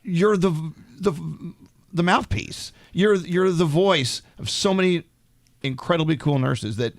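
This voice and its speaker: A man's voice: high voice, a little slow, no echo. A man hosting a morning radio show, joking with his guest and asking questions, often restarting his sentences. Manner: joking, asks questions, trips over restarts. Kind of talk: casual radio interview.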